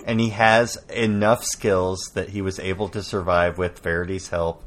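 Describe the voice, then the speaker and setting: A man's voice: low voice, flat delivery, moderate pace. A man co-hosting a casual book podcast, earnestly arguing his point. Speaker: podcast co-host. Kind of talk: casual chat.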